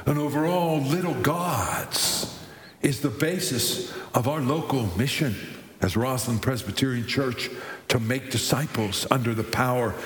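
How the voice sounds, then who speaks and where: A man's voice: medium pitch, a bit bright, slight background noise. Man preaching in an echoey hall. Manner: halting restarts, building to emphatic lists. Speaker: pastor. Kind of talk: sermon. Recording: echoey hall with long reverb.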